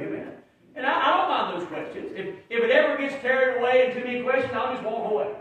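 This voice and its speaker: High-voiced pastor in echoey church. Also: male voice, quick pace, slight background noise. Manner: folksy, builds to shouted emphasis. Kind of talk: sermon. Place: church sanctuary. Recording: very echoey room, from far off.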